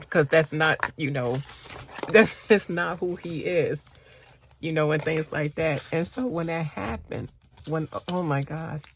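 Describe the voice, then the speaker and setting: A woman with a slightly low, gravelly voice tells a personal story to camera, plainly shaken. She talks slowly and emotionally, stopping, restarting and repeating herself as she goes. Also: fairly bright tone, a little hiss or hum. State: upset and shaken. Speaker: mother telling a personal story. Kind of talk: casual personal vlog.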